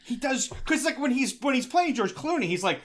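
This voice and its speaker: A man from the United States chatting as a podcast guest, rambling and animated as he tells stories. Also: very high voice, brisk. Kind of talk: casual chat.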